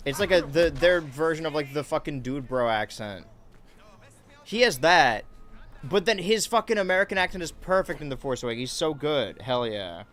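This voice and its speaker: A man's voice: on the high side, lively intonation, moderate pace, fairly bright tone, faint music behind. A man streaming a video game in casual commentary, rambling, swearing freely and reading chat questions aloud. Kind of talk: casual let's-play commentary.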